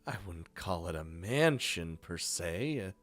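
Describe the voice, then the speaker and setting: A man voicing a soft-spoken gentle young woman. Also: deep voice, animated, unhurried, pitched below the performer's own voice.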